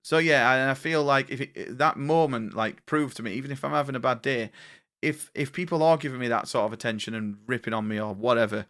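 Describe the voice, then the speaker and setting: A man co-hosting a podcast, talking in a rambling, halting way with casual swearing. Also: medium pitch, steady tone, a bit bright, no room sound, clean studio sound. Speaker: podcast co-host. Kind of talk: casual chat.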